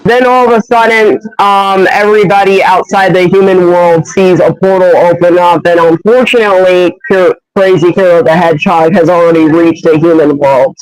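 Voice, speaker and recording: A man's voice: high voice, fairly even intonation, normal speed, few pauses, clear, resonant tone, no echo, low-quality recording. A man casually telling a story he made up, rambling with many fillers. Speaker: voice actor pitching a story.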